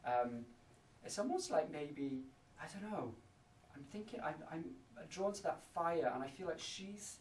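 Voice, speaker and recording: A man's voice: fairly high pitch, big pitch swings, a little slow, hardly any pauses. A man working as a medium, describing his impressions on location with hesitant, searching speech full of fillers. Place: indoors at an old inn. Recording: echoey room, distant mic, faint noise.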